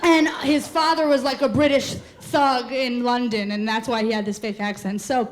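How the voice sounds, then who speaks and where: A woman in her twenties performing a live comic storytelling set, animated and quick, often laughing through her lines. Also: a little high, background noise. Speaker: comedic storyteller.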